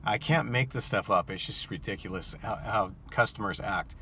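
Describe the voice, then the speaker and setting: A man who drives for rideshare apps, casually telling an animated, incredulous story to his viewers. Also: lowish voice, normal speed, noisy background.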